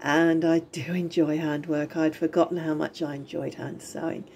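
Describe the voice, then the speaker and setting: A middle-aged vlogger speaks at normal speed in a low, creaky, darkish voice with flat delivery, and the recording has a little hiss or hum. It's a casual lockdown diary filmed at her home in Spain, chatty and rambling, with frequent giggling.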